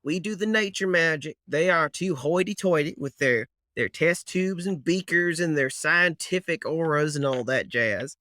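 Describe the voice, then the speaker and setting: A man's voice: a little high, expressive, moderate pace, few pauses, pushed and bright, dry recording, studio quality, voice pushed up. A man putting on a folksy, grumbling gnome druid. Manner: folksy drawl, grumbling about mages. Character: bearded folksy male gnome druid, gruff and territorial. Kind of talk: tabletop role-play.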